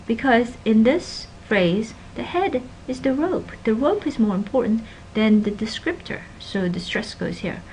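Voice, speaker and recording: A woman teaching a linguistics class, stressing example words with energy and dropping into quiet asides. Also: fairly high pitch, lively intonation, unhurried, hardly any pauses, slight background noise, rough recording. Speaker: linguistics lecturer. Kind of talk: recorded classroom lecture.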